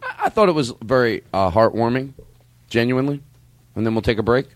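Comedy podcast host, man, animated and jokey, dry close mic. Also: mid-range voice, brisk, no room sound. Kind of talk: casual comedy chat.

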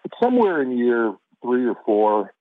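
A middle-aged man from Chicago, an actor guest telling stories in a relaxed, casual interview, often restarting his sentences. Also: medium pitch, normal speed, dry recording. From Chicago, USA. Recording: dry, phone-like line.

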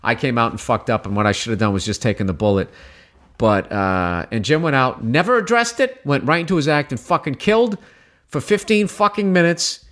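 A stand-up comedian tells a long story in casual conversation at a brisk pace. He's animated and swears freely, his pitch jumping up high whenever he quotes people.

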